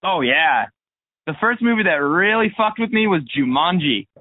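Brief: wry male guest, high voice, dry phone-call sound. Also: lively intonation, moderate pace. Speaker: guest, teacher. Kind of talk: casual chat. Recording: dry tinny phone-like line.

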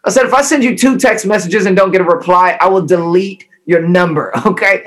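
A man's voice: high voice, moderate pace, few pauses, a bit bright. A man doing a stand-up set with a wry, teasing delivery. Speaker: stand-up comedian.

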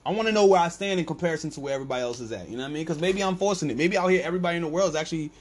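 A man's voice: fairly high pitch, racing, slight background noise. A man hosting a podcast in a loose, rambling comedic monologue. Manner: animated storytelling with voiced bits, loose and rambling. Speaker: podcast host.

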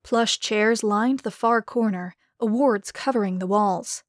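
A woman narrating a story in a measured, even way. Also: mid-range voice, no echo, clean studio sound. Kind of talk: scripted narration.

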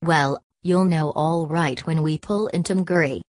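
A woman voicing a steady, joking male frontier trapper who talks in backwoods dialect. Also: deep voice, measured pace, dry recording. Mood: dry, teasing. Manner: backwoods dialect, dry teasing.

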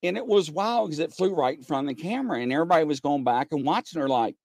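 Male guest, gravelly, animated delivery, dry recording. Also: a little high, rapid-fire, no room sound. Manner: excitable, repeats himself, shouts when retelling stories. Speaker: paranormal investigator guest. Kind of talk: casual chat.

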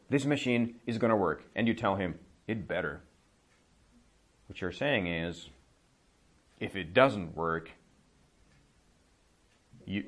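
Guy teaching a class, czech native, plays out little example dialogues, voice on the low side. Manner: lively, explains with example dialogues, switches languages. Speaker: language teacher.

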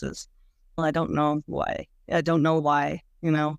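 A woman's voice: deep voice, level tone, unhurried, creaky, clear, resonant tone, dry recording, clean studio sound. A woman recalling her own experiences in an interview, speaking frankly and casually, full of "like"s and the odd blunt swear word. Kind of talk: candid personal recollection.

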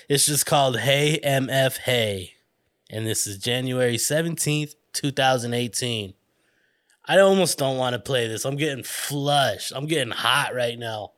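A man's voice: mid-range voice, fairly bright tone, no room sound. Rambling, self-conscious man on a dry podcast mic. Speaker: podcast host. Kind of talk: casual podcast chat.

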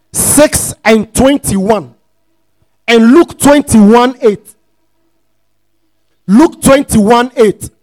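A man preaching a teaching sermon. He repeats his phrases, checks that the congregation is following, and rises into shouted, sing-song emphasis. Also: very high-pitched, dry recording. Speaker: pastor.

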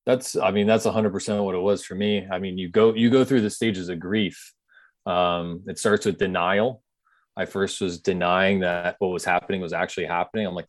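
A man's voice: sits low, steady tone, moderate pace, dry recording, clean studio sound. A man speaking as an interview guest, telling his story in an earnest, reflective way. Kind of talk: conversational interview.

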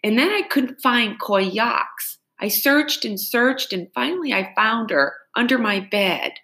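A woman's voice: lively intonation, measured pace, sharp tone, heavily acted. A woman voicing a young girl who stammers and wails while fake-crying to fool a lawman. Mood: pleading. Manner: stammering, wailing, high childlike pleading.

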